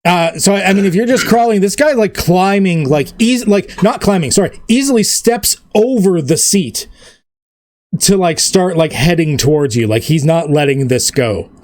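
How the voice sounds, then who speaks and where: A man's voice: sits high, expressive, normal speed, a little mellow, dry recording. A man narrating as game master in a loose, rambling way, full of fillers.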